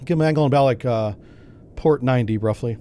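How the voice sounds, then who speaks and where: A man's voice: mid-range voice, fast talker, mellow, slight background noise. A man hosting a gaming channel, giving casual gameplay commentary and thinking aloud in a wry, self-mocking way.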